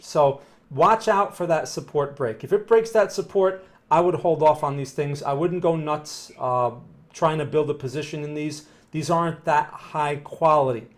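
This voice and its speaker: Chatty man walking through trading charts. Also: on the high side. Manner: conversational, thinking aloud, frequent "right?" and "okay?". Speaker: market analyst streaming a live Q&A. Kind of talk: casual live-stream chart analysis.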